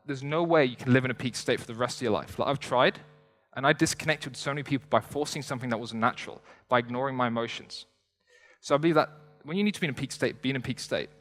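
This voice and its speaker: Fast-talking young man in an echoing hall. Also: medium pitch. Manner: energetic, conversational, with joking asides to the audience. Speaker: motivational speaker. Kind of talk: motivational stage talk. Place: stage before a live audience in a large hall. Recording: long hall reverb.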